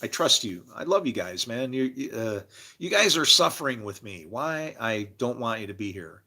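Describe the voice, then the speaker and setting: Male livestream host, bright and cutting tone, rambling, confessional, swears freely, drifts into religious musing. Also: medium pitch, big pitch swings, moderate pace. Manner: talks to chat viewers by name. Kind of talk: casual livestream monologue.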